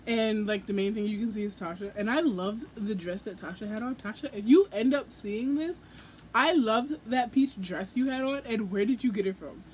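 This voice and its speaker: A young adult woman telling a story in a casual book vlog, gushing and excitable, acting out her own reactions as she goes. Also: mid-range voice, normal speed, a little hiss or hum. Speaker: book vlogger.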